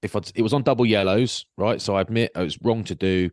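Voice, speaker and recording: A man's voice: fairly low pitch, fast talker, dry recording, clean studio sound. A man co-hosting a casual chat podcast, telling stories and acting out the voices of the people in them. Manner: animated storyteller, acts out quotes. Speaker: podcast co-host. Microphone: video call.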